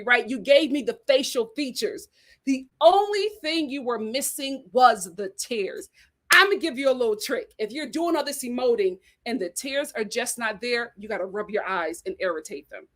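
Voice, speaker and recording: Animated, high-pitched woman reviewing reality TV. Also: moderate pace. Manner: sassy, dramatic, laughs a lot. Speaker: reality TV review show host. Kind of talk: animated live review chat.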